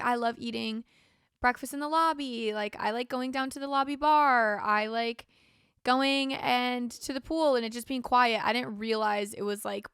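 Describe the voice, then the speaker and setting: A woman's voice: mid-range voice, fairly bright tone, clean tone, no room sound, clean studio sound. A young woman hosting a casual solo podcast, tired and yawning with a sore throat, rambling with lots of fillers. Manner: rambling, frequent "like" and "um". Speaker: podcast host.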